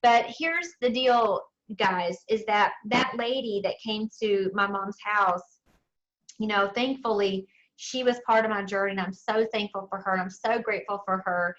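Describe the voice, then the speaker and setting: A woman with a Southern US accent, a sales director telling her team her story in a chatty, expressive motivational talk. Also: mid-range voice, moderate pace, highs cut off. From southern United States. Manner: chatty and expressive, addresses listeners as y'all.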